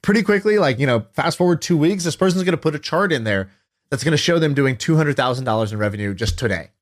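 A man's voice: a little high, fast. A man in his thirties co-hosting a casual podcast chat, telling a story with animation and acting out what people said. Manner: animated storytelling, acts out quoted voices. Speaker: podcast co-host.

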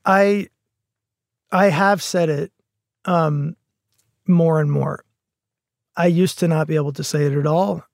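Earnest, gravelly-voiced middle-aged man. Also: on the high side, fairly even intonation, dry recording, studio quality. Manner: earnest, halting, many restarts. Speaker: podcast guest. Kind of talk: casual conversation.

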